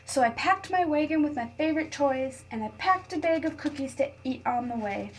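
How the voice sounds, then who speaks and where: Teacher woman reading aloud, slightly high voice. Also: animated. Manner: clear, patient storytime reading with pauses for students. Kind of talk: reading a picture book aloud to a class.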